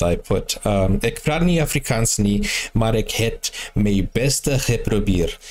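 A man's voice: on the low side, a little mellow. A man hosting a reaction video, chatting casually, laughing at himself and tripping over his words. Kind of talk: casual chat.

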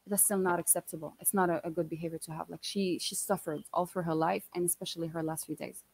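A woman in her twenties telling a personal story in an interview, animated and blunt, often quoting what people said. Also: fairly low pitch, quick pace, husky, poor audio. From Canada. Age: 20s. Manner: animated, quotes others often, swears casually. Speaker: guest.

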